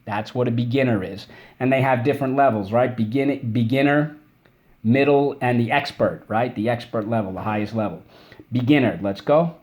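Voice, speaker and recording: A man in the middle pitch range leads a recorded spelling lesson for children. He sounds upbeat and encouraging, praising answers and slowly stretching out each syllable when drilling words. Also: darkish tone. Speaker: teacher.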